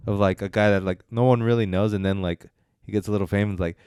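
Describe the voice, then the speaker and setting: A man's voice: lowish voice, fairly even intonation, quick pace, darkish tone, clean tone, no room sound, studio quality. A man co-hosting a casual film review chat, rambling and hesitant with many fillers and restarts. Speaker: podcast co-host reviewing films.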